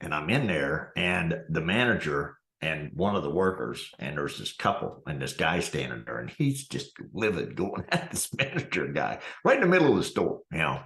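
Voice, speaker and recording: A man's voice: extremely low pitch, big pitch swings, moderate pace, gravelly, hardly any pauses, a bit bright, reverberant. A man co-hosting a casual online chat over an internet call, telling stories animatedly, laughing and swearing easily. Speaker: co-host calling in. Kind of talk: casual live-stream chat.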